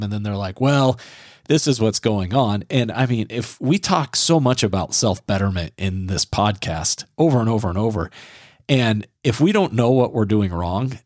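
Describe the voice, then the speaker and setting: Low-voiced man telling a story on a podcast. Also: dry recording, studio quality. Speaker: podcast co-host. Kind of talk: casual podcast conversation.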